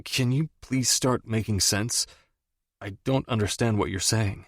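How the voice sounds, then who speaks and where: A man's voice: lowish voice, unhurried, dry recording, clean studio sound. A man voicing a wealthy man in an audiobook, blunt and exasperated, given to swearing. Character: wealthy man, frustrated then tender lover. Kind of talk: audiobook dialogue.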